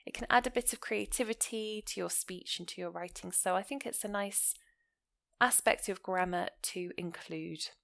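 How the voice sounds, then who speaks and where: Woman teacher, clear explanatory delivery, walks through grammar examples and quizzes the listener. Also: medium pitch, normal speed, fairly bright tone. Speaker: English teacher. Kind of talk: online grammar lesson.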